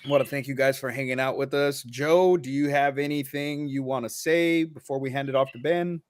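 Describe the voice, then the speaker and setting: A man's voice: mid-range voice, fairly even intonation, a little fast, no room sound, studio quality. A man hosting a casual podcast, talking loosely, swearing and laughing often. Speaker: podcast host.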